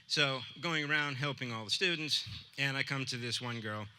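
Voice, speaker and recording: A man, an art teacher, telling a personal story to a live audience in a relaxed, conversational way. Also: medium pitch, moderate pace, a little hiss or hum. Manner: conversational, acts out dialogue with voices.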